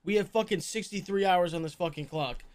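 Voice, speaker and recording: High-voiced casual streamer guy. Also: a little fast. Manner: casual, slangy, talks to chat. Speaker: streamer reacting to videos. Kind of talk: casual reaction stream chat.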